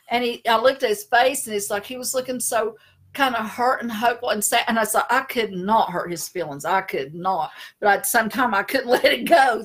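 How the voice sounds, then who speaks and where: Her voice is on the high side and a little fast as this middle-aged spiritual consultant chats casually on a live stream. She laughs a great deal, tells stories, and slips into animated impressions.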